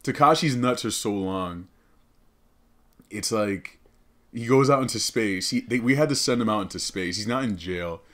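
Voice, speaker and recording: A man's voice: lowish voice, normal speed, fairly bright tone. A man hosting a comedic podcast monologue, rambling, swearing a lot and laughing often. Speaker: podcast host. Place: studio.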